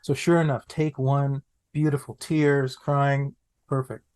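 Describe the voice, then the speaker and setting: Animated man telling showbiz stories. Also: mid-range voice, clear, resonant tone. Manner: animated, quick bursts, repeats phrases for comic effect. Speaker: actor guest. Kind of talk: anecdotal storytelling.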